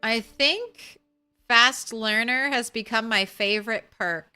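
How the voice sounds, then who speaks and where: Woman, game streamer, casual livestream chat, playful joking, unhurried, smooth clear voice. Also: a little high, pushed and bright, soft background music. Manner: playful, joking asides and chatter to her cat.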